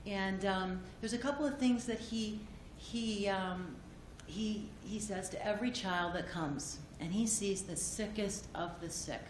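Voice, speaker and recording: Woman speaking gently in an echoey hall. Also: mid-range voice. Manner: gentle, halting, many fillers and restarts. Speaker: award acceptor speaking for a doctor. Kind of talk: heartfelt conference speech. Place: conference hall. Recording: echoey hall, audience noise.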